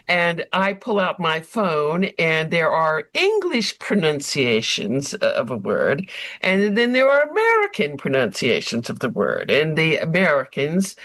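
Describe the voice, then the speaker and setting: A woman's voice: lowish voice, fairly bright tone. A woman in a casual group conversation, explaining animatedly and rambling with many restarts. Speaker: haiku group member.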